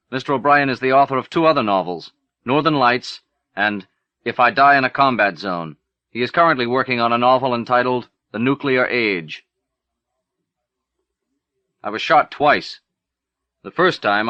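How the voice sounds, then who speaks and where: On a dull, lo-fi 1980s cassette, a male audiobook narrator reads a first-person short story in a wry, plainspoken way. His voice is mid-range and the recording is dry.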